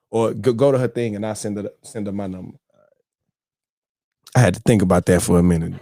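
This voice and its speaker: A man's voice: fairly low pitch, a little mellow, no room sound. A man, hosting a live morning stream in loose, joking casual chat full of slang and fillers.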